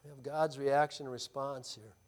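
Speaking at normal speed in a mid-range, level-toned voice, a male pastor preaches emphatically. He throws rhetorical questions at the congregation and shifts between loud stresses and quiet asides.

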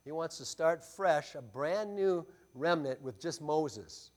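A man's voice: fairly high pitch, expressive, slow pace. Emphatic male pastor preaching a sermon. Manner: emphatic preaching that swings from loud stresses to quiet asides; rhetorical questions to the congregation.

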